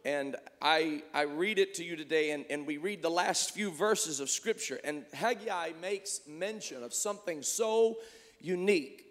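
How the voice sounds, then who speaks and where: High-voiced preacher in an echoey hall. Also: male voice, measured pace. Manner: fervent praying, preacher's cadence. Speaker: pastor. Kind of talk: sermon. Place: church sanctuary.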